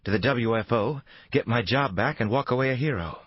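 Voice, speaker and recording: A man's voice: medium pitch, fairly quick, husky, no room sound, lo-fi sound, pitched above the performer's own voice, lightly acted. A man voicing a tough, wary woman federal agent who talks in a clipped, demanding way, in an audiobook. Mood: defiant.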